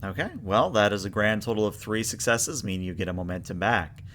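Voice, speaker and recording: A man acting as game master in a tabletop role-playing game, calmly explaining rolls and results. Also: fairly low pitch, a little fast. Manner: relaxed, explaining dice rules.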